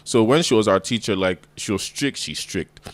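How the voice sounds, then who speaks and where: A man in his thirties hosting a podcast, chatting casually and telling stories with lively acted-out voices. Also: lowish voice, normal speed. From Nigeria. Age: 30s. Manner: animated storytelling with acted-out voices. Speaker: podcast host. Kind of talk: casual chat.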